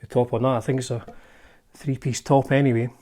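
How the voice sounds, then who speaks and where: A man's voice: mid-range voice, level tone, fairly quick, dark tone. A Scottish man hosting a casual show-and-tell vlog, chatty and wry, often hedging his facts as he talks. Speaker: channel host showing his guitar collection.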